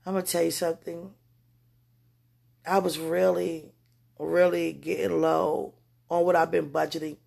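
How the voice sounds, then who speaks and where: Husky, gravelly voice praying aloud, just woken. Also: medium pitch, measured pace, long pauses. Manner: talks aloud to God, rambling and emotional; swings between excited bursts and quiet murmurs. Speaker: spiritual vlogger. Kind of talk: spontaneous prayer and spiritual message.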